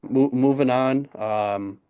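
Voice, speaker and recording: A young man in his twenties co-hosting a casual sports podcast, excited and rambling with lots of fillers. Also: medium pitch, takes it slowly, clean tone, no room sound, narrow, tinny audio. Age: 20s. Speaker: podcast co-host. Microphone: desk podcast mic.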